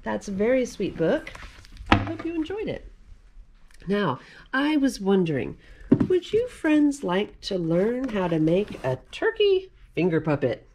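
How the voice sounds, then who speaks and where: An animated woman librarian hosting a children's storytime, speaking slowly and clearly in a sing-song tone. Her pitch rises and falls a lot as she talks to the little ones. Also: noisy background. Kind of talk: reading picture books aloud to children.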